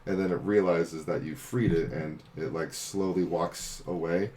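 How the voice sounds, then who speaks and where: A man's voice: low voice, steady tone, a little slow, darkish tone, a little hiss or hum. A young man narrating as game master of a tabletop game, loose and chatty with many fillers.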